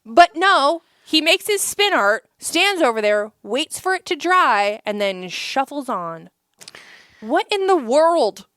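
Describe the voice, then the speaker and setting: Woman, podcast co-host, from Iowa, casual storytelling, animated, acts out quotes, laughs a lot, higher voice, dry close sound. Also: slow pace, no room sound. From Iowa, USA.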